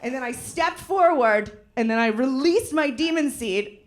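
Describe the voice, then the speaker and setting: A woman comedian telling stories on stage, acting out characters with sudden high yells. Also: a little slow. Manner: animated storytelling, acting out voices with loud high yelps. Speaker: stand-up comedian. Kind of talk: stand-up comedy set. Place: live comedy venue.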